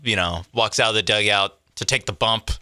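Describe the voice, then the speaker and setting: A man's voice: on the low side, fairly quick, bright, forceful tone, no echo, studio quality. A man co-hosting a sports talk show, joking and playful in banter. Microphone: studio microphone.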